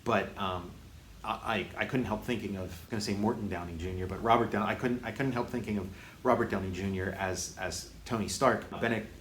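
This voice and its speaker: A man hosting a casual movie review, halting often with restarts and fillers. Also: fairly low pitch, a bit bright. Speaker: host, film reviewer. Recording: echoey room with faint hiss.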